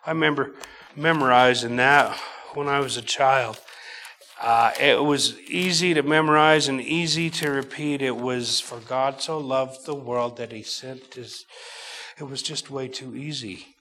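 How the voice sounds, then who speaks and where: Slow-preaching man teaching scripture. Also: medium pitch, steady tone. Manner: slow, emphatic Bible teaching with sudden loud bursts and quiet drops. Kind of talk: sermon.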